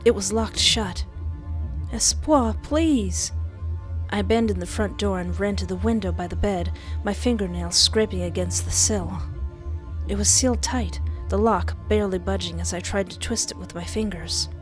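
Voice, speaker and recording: A woman narrating a story game aloud, switching between dramatic reading and excited, tearful reactions. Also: mid-range voice, moderate pace, soft background music. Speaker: gamer reading a visual novel aloud.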